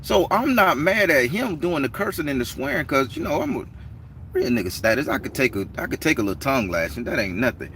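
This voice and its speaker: A man casually telling a story to his viewers, his voice climbing high and heated as he acts out an argument. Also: a little fast, distant mic, a little hiss or hum. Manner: animated street-talking storyteller, rising excited and heated as he retells.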